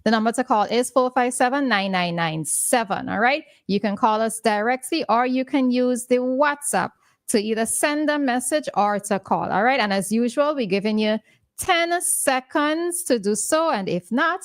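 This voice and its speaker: A woman's voice: fairly high pitch, lively intonation, moderate pace, no room sound, studio quality. Chatty Vincentian woman radio host. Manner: chatty, laughs often, gives call-in number. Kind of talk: morning call-in radio chat.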